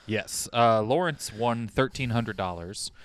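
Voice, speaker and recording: A man's voice: medium pitch, unhurried, a bit bright, dry recording. A man hosting a comedy podcast, chatting casually with wry, joking asides. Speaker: podcast host.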